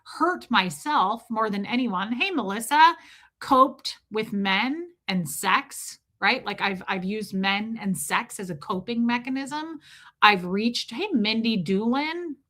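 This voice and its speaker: Woman, forties, livestream host, bright, candid, animated, casual swearing. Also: a little high, takes it slowly. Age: 40s. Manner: frank and animated, swears, frequent "right?" and "like". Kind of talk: candid personal storytelling on a livestream.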